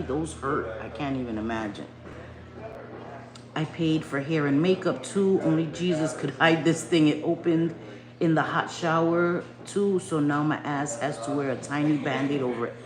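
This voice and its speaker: A middle-aged woman chatting casually on a home live stream, loud and swearing, laughing a lot. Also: deep voice. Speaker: livestream host. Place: home bedroom at night. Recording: echoey room with faint noise.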